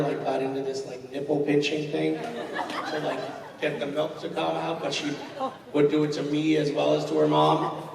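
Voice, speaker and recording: A man's voice: a little high, creaky, darkish tone, distant mic. A man in his forties answering a fan's question on stage, joking and self-mocking and rambling with many fillers. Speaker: convention panel guest. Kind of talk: comedic convention Q&A storytelling. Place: large convention hall. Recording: echoey hall recorded from afar.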